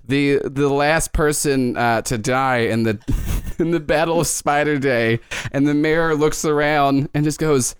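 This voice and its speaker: A man's voice: a little high, unhurried, few pauses, clean tone, no room sound, studio quality. A man narrating as game master, rambling and often breaking into giggles.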